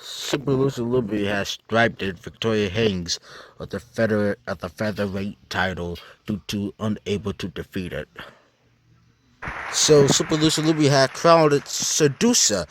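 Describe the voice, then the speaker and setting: A man putting on a deep, slow wrestling announcer. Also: low-quality recording. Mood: formal.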